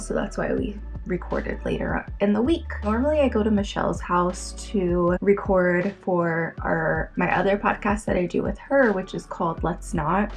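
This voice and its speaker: A woman's voice: mid-range voice, creaky, a little mellow. A young woman rambling casually to the camera in her bedroom, talking to her followers with lots of fillers. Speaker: vlogger. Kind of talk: casual chatty vlog.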